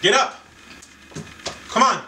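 A man's voice: slow pace, close to an everyday voice. An actor playing a man in an argument with his partner, defensive and sarcastic. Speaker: actor in a music video skit. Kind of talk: improvised couple argument. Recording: echoey room, distant mic.

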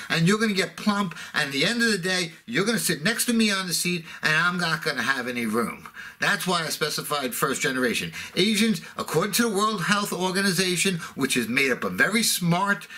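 A man's voice: high voice, very animated, a little fast, pushed and bright. A middle-aged man telling a sarcastic, self-mocking comic rant. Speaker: comedic ranter.

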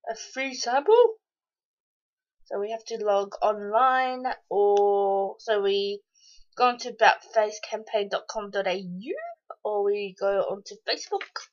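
A woman's voice: medium pitch, unhurried. Bubbly Australian woman, lo-fi home audio. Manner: bubbly and excitable, squeals with delight, rambles with many ums. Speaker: beauty vlogger. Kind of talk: casual unboxing chat.

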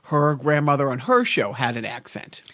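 A man's voice: mid-range voice, sing-song, moderate pace, pushed and bright, no room sound, clean studio sound. A middle-aged man co-hosting a podcast, telling stories in a rambling way with stammers and repeated words. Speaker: podcast co-host. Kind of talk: casual chat.

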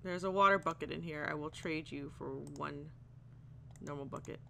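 A woman's voice: low-pitched, moderate pace, creaky, bright, forceful tone, a little hiss or hum. A woman playing a video game and chatting casually through it, giggly, talking to the animals and slipping into silly voices. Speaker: video game let's player. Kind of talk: casual gameplay commentary.

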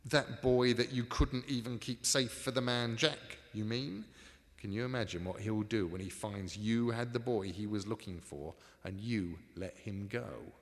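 A man's voice: lowish voice, measured pace. A man reading aloud, voicing a shifty, quarrelsome male rogue who needles his partner. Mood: needling. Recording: live reading in a reverberant hall.

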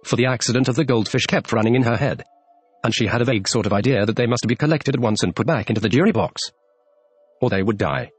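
Talking fast in a medium-pitched, slightly rough voice, an audiobook narrator reads a classic storybook with expression, voicing each character's lines. The scripted narration is close-miked and dry with no room sound, while faint music plays underneath.

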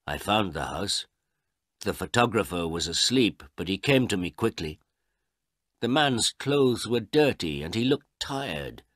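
Male reader for English learners, low voice, lively delivery, dry close recording. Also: dry recording. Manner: slow, careful and expressive. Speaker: story reader.

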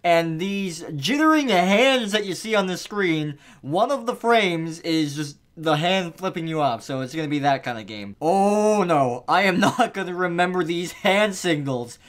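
A man's voice: sits high, animated, measured pace, hardly any pauses, a bit bright. A man commenting on a video game as he plays, crude and jokey, laughing often. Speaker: gameplay commentator. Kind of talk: let's play commentary.

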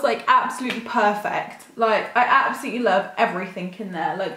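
A chatty woman is unboxing a parcel for her vlog. She gushes over everything in a fairly high, bright voice, and the room adds a noticeable echo around her. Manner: gushing, excitable and chatty. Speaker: YouTube vlogger. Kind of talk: casual unboxing vlog chat. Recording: roomy echo.

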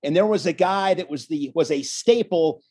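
A man who commentates on wrestling, spinning stories as a guest on an interview show. He acts out the people in his stories with a lively delivery. His voice has a husky, slightly rough edge. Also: fairly high pitch, moderate pace. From Wisconsin. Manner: animated storyteller, acts out quotes. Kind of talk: casual storytelling interview.

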